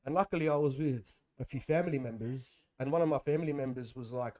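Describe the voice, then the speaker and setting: A young man, a guest on a podcast, telling animated stories in slangy casual chat. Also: medium pitch, quick pace. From Australia. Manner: animated storytelling, slangy, says bro and man.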